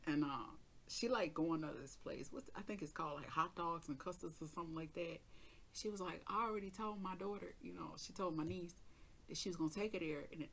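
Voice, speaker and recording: A woman's voice: lowish voice, a little hiss or hum. A woman tarot reader hosting her own channel, telling a personal story in a casual, emphatic way, swearing freely and acting out her side of an argument.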